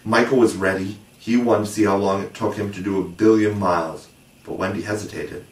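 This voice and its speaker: Male audiobook narrator, low voice, expressive storybook reading; echoey room. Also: brisk. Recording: roomy, distant mic.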